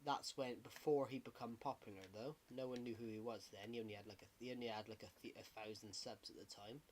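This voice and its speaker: A man's voice: mid-range voice, steady tone, quick pace, a little mellow, a little hiss or hum. A man chatting casually on a gaming livestream, rambling and correcting himself as he talks.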